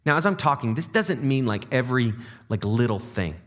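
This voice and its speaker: A man's voice: medium pitch, lively intonation, brisk. Conversational male pastor preaching. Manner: conversational, asks the congregation questions and repeats words as he thinks aloud; jokey dad-joke asides. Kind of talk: sermon. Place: church service before a congregation.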